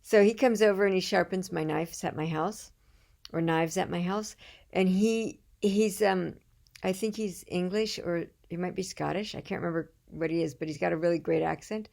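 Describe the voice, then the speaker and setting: A woman's voice: fairly low pitch, fairly even intonation, normal speed, gravelly, darkish tone. A woman casually telling anecdotes in a chatty, rambling way, often restarting her sentences. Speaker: storyteller.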